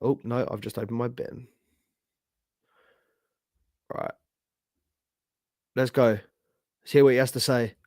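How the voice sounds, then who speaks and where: A young man hosting a live football reaction stream, casual and sweary, his voice hoarse from shouting. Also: medium pitch, fairly even intonation, unhurried, pauses often, dry recording, studio quality. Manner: casual, sweary, slangy, talks to chat. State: losing his voice. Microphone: streaming setup with camera.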